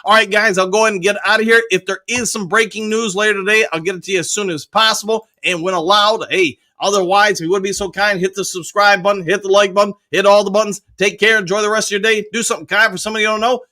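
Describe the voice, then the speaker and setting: A man's voice: sits high, fairly even intonation, quick pace, few pauses, pushed and bright. A man hosting a live stream, reading viewer comments aloud one after another and answering each in a casual, friendly way. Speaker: livestream host reading chat.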